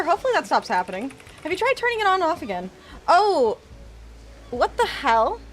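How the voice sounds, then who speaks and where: A woman's voice: high-pitched, fairly bright tone, a little hiss or hum. A woman streaming from home, chatting casually and teasing her viewers in chat.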